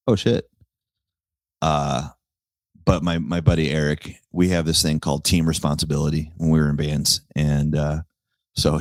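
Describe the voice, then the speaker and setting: A man's voice: very deep voice, darkish tone, no echo, studio quality. A man in his thirties hosting a solo podcast, rambling and swearing casually, laughing at his own jokes. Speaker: podcast host.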